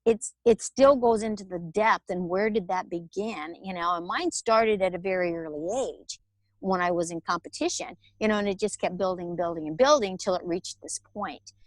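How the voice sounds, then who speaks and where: A woman, telling her personal story as an interview guest in a candid, animated way. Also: fairly low pitch, moderate pace, no echo. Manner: candid, animated storytelling with laughs and acted-out quotes. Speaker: guest, author and alternative healer.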